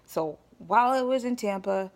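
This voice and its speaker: A woman's voice: mid-range voice, animated, moderate pace. A woman vlogger telling a personal story in a rambling, casual way, often stopping to check in with her listeners. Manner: rambling, checks in with listeners, addresses them as y'all.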